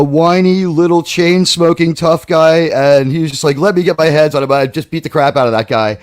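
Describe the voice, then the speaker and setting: A man's voice: a little high, darkish tone, no echo, clean studio sound. A man talking in a casual podcast discussion, rambling with frequent restarts while he searches for names. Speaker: podcast panelist.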